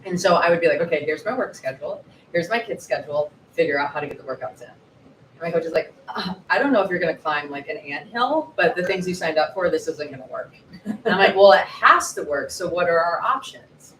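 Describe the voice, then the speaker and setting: Woman in her 40s, animated storyteller, lowish voice, echoey bookshop from a distance. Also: fairly quick. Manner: lively, animated storyteller acting out quotes. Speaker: author guest. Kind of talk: storytelling at a live book event. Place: bookshop event space. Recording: roomy echo, distant mic, faint noise.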